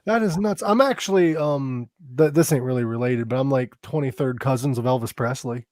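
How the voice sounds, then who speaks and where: A man's voice: medium pitch, fairly quick, darkish tone, dry recording, clean studio sound. A man co-hosting a podcast, chatting casually and joking, laughing often and swearing freely. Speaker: podcast co-host. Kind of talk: casual chat doing impressions.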